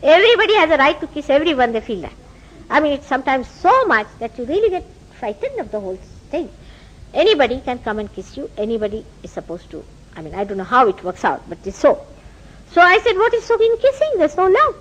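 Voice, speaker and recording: Indian lady spiritual teacher, high voice that swoops around a lot, tells stories and plays out the back-and-forth. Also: quick pace, poor audio. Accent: Indian English. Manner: animated storytelling, acts out quoted dialogue. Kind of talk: spiritual lecture.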